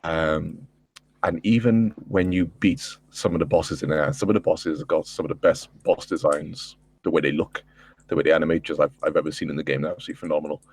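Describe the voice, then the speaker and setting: A low-voiced man with a husky edge chats on a gaming podcast. He swears freely and rambles in an excitable way, his voice climbing as he gets wound up in a story. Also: fairly quick. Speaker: podcast panelist. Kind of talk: casual chat.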